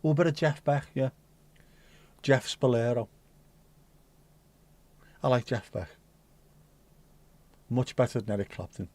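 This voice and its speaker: A man's voice: medium pitch, unhurried, long pauses, a little mellow. A middle-aged man hosting a casual livestream and chatting in a playful, cheeky, rambling way. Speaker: livestream host.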